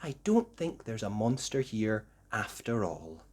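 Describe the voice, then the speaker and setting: A woman doing a gentle mummy pig. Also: rumbling low, sing-song, measured pace, husky, heavily acted. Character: gentle motherly female pig. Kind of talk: storybook read-aloud.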